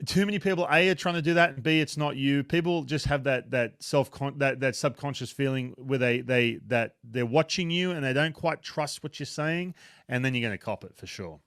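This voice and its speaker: A man's voice: medium pitch, fairly quick, a bit bright, no room sound, clean studio sound. A man in his thirties with an Australian accent, chatting casually and self-deprecatingly in an interview. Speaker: retired pitcher, baseball analyst. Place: home basement.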